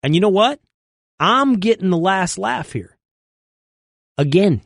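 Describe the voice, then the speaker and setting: A man hosts a sports talk radio show, animated and sarcastic as he argues his point. His pitch swings widely, and the sound is dry and close with no room echo. His voice sits a little high for a man. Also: measured pace, creaky.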